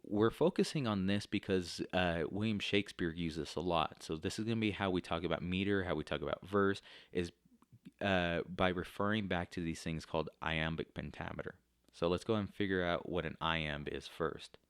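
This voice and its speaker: Low-voiced man teaching a class. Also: steady tone, moderate pace, clear, resonant tone, no room sound, studio quality. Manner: explanatory, with frequent fillers. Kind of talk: recorded classroom lecture.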